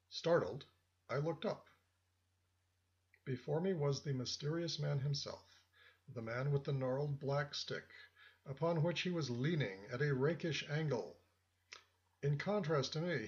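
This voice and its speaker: A man reading a first-person story as narrator, in a measured, reflective way. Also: a little high, darkish tone. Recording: dull lo-fi audio.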